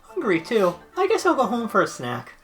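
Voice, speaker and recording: A man voicing a lazy, sleepy house cat from a video game, reading its lines in a high playful voice. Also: huge pitch swings, normal speed, a bit bright, faint music behind, heavily acted. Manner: reads game dialogue aloud in a high playful voice.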